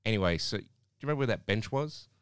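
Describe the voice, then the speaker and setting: A man's voice: on the low side, lively intonation, rapid-fire, clear, resonant tone, dry recording, studio quality. A man, co-hosting a casual, jokey podcast chat and laughing through his stories while a little hungover. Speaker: podcast co-host.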